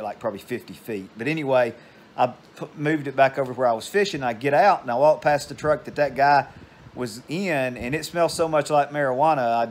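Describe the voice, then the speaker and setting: An older man, casually telling a meandering story at home. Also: mid-range voice. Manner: meandering, digressive. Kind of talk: casual rambling anecdote.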